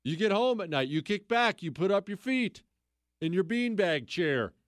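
A man's voice: high-pitched, sing-song, moderate pace, no room sound, clean studio sound. A man hosting a talk radio show, delivering a sarcastic political commentary monologue with mocking repetition and incredulous outbursts.

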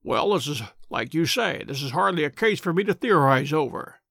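A man voicing a sharp-witted detective in an audiobook, speaking quietly, dryly and precisely. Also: sits high, sing-song, normal speed, vocal fry, no room sound, clean studio sound, heavily acted. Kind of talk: audiobook character voice.

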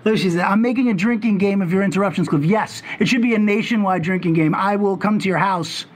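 A man's voice: high-pitched, fast. A man co-hosting a podcast, rambling and joking, often cutting in on his partner. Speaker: podcast co-host. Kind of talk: casual chat.

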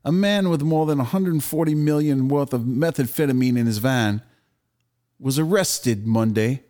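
A man's voice: moderate pace, lightly acted. A man doing a mock Australian accent as he reads a news story aloud in an exaggerated voice. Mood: mock reading. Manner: exaggerated, raised pitch and loud.

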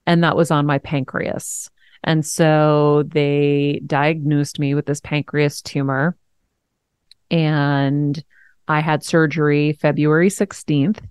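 A woman in her forties hosting a podcast, telling a personal story in a frank, animated way, laughing now and then. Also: deep voice, slow pace, smooth, no echo, studio quality. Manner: frank, animated, swears and laughs while telling hard news. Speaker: host. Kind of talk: candid conversational storytelling.

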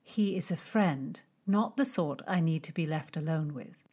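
A woman's voice: low-pitched, a little slow, a little mellow, slightly rough. A woman voicing a guarded young female innkeeper in an audiobook, speaking formally and coolly polite. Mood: gentle. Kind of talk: audiobook character reading.

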